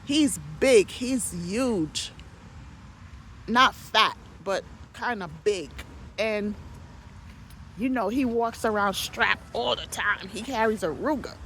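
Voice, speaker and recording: A woman's voice: medium pitch, takes it slowly, fairly bright tone, slight background noise. A woman casually telling neighborhood stories in a chatty, gossipy monologue, cursing now and then and excusing herself. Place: outdoors near parked vehicles.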